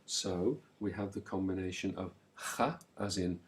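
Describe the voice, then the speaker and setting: A man teaching a recorded language lesson, slowly and clearly modelling words and pausing so the listener can repeat them. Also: deep voice, fairly even intonation. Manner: slow, clear modelling of words with pauses for repetition.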